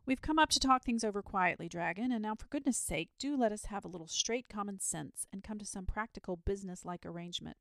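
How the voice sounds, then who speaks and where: A woman's voice: medium pitch, vocal fry, dry recording, lightly acted. A woman voicing an earnest young village boy who talks impatiently and pleads his case in a storybook reading. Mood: brisk. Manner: impatient, pleading, matter-of-fact.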